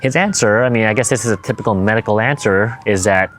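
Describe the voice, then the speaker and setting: Rambling low-voiced man telling a story. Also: fast talker, a bit bright. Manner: rambling, self-correcting, quotes himself and others. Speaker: physical therapist. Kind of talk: casual storytelling to camera. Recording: noticeable background noise.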